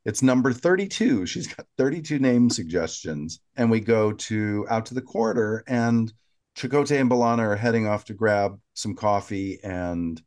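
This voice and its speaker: A man's voice: fairly low pitch, expressive, moderate pace, darkish tone. A man co-hosting a podcast, walking through an episode's plot step by step in a casual, conversational recap. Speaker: podcast co-host.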